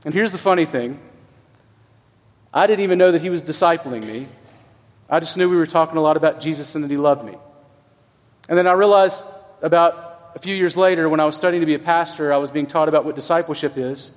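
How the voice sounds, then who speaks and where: A middle-aged man preaching a sermon as pastor, telling stories in an earnest, conversational way with emphatic pauses. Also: on the high side, long reverb tail.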